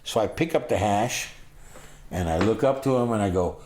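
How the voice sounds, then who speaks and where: A man in his sixties telling stories about his travels in a casual, animated way, acting out the people he met and breaking into loud excitement. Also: deep voice, moderate pace. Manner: animated, acts out voices, bursts of loud excitement. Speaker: storyteller recalling his travels. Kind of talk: casual spoken storytelling.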